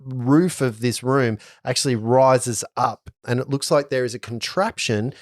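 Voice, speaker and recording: A man narrating as game master of a tabletop game, playful and quick to laugh. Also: mid-range voice, no echo, clean studio sound.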